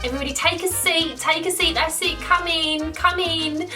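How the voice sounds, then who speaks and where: A woman playing an over-excited young holiday rep from Essex, gushing with forced cheer. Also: very high voice, normal speed, recorded from a distance, loud music behind the voice, pitched above the performer's own voice. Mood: bubbly. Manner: gushing, forced cheer covering bad news.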